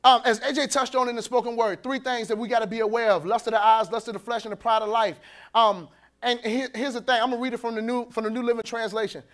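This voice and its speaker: A man with a high-pitched voice preaching a sermon at a men's conference. He talks in a loose, colloquial way and acts out the people he quotes. He laughs between his points. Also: steady tone, fast talker, a bit bright. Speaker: pastor.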